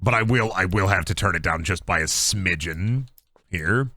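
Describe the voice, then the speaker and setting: A young man from Iowa, USA, with an Iowan accent, streams a game while rambling, joking, and swearing in casual commentary. His voice sits low with a sharp tone at normal speed.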